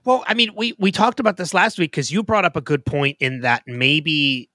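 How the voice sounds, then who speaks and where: A man co-hosting a podcast, talking through a TV episode in casual chat, openly emotional and quick to restart his sentences. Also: on the high side, sharp tone, no echo. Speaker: podcast co-host. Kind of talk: casual TV show discussion.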